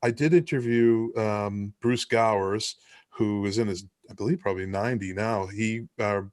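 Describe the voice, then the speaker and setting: A male podcast host with a lowish voice asks questions in a relaxed way and fills pauses with ums and uhs. The sound is dry and close to the mic. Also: dry recording. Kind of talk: casual chat.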